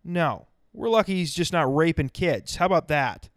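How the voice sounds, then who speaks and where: A man's voice: a little high, animated, moderate pace, dry recording. A man hosting a podcast, ranting bluntly and sarcastically, swearing constantly. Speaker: podcast host. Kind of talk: profane ranting monologue.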